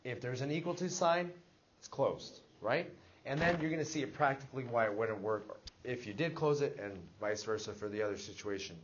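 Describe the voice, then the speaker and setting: A man's voice: mid-range voice, fairly quick, highs cut off, a little hiss or hum. A man teaching a math class, leading with questions and checking in with his students. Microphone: classroom recording device.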